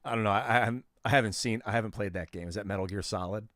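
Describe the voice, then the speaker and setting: Guy in his 30s rambling on a game stream, slangy, kinda low voice, dry close mic. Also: fast, hardly any pauses, fairly bright tone, no room sound. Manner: rambling, slangy, talks to chat viewers. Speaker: gaming streamer. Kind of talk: casual livestream chat.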